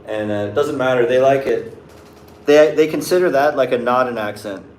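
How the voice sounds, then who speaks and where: A man's voice: mid-range voice, moderate pace, reverberant, slight background noise. A young man casually chatting and answering viewer questions, rambling with lots of "like" and restarts. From Canada. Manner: rambling, loose, many likes and restarts. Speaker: vlogger answering live chat. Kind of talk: casual chat.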